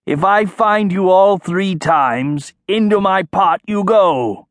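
A man voicing a huge, angry female troll who booms slowly and menacingly. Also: fairly bright tone, dry recording, studio quality. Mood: booming. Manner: booming, slow and menacing.

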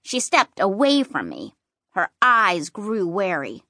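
A woman narrating a children's fantasy book in first person, with playful and expressive storytelling. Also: medium pitch, takes it slowly, no room sound, studio quality. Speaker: audiobook narrator.

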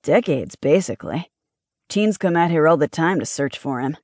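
A woman doing a husky, hushed thrill-seeking young man. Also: sits low, expressive, moderate pace, no echo, studio quality. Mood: ominous. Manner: hushed conspiratorial delivery. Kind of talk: audiobook character voice.

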